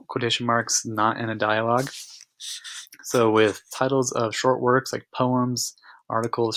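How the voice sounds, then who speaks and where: A man teaching a narrated slideshow lesson, explaining calmly with frequent fillers and restarts. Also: medium pitch. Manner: relaxed explanatory, many fillers.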